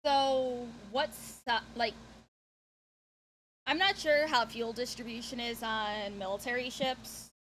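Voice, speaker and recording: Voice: medium pitch, steady tone, slow, a bit bright, slight background noise. A streamer chatting casually, thinking aloud and hesitating with fillers. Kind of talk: casual chat.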